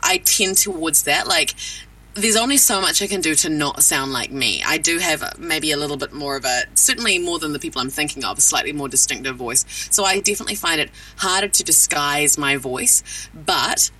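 A woman voice actor in a podcast interview, talking in an animated way with quick asides and frequent laughs. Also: deep voice, recorded from a distance, poor audio.

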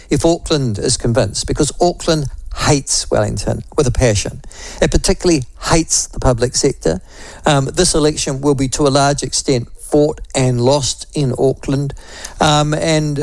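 A male talk radio host with a New Zealand accent delivers combative, sarcastic opinion, full of mocking asides and self-corrections. His voice sits in a middle pitch. The studio sound is dry and close. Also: darkish tone, no echo. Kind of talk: opinionated political commentary.

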